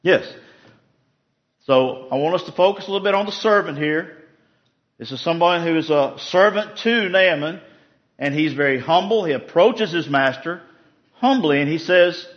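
A man's voice: a little high, normal speed. Man teaching a casual Bible study, lo-fi. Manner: conversational, asks the group questions. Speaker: preacher leading a Bible study.

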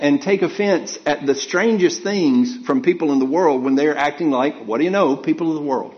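A man's voice: on the high side, moderate pace, few pauses. Man, preacher, talky sermon, earnest, restarts often, dull recording. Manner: earnest, thinks aloud with frequent restarts. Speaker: preacher teaching a Bible class. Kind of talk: conversational sermon.

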